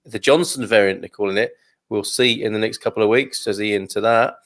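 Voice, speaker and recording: A man's voice: on the low side, a little fast, a bit bright. A man hosting a casual live stream, chatting and joking as he reads out viewer comments. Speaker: host.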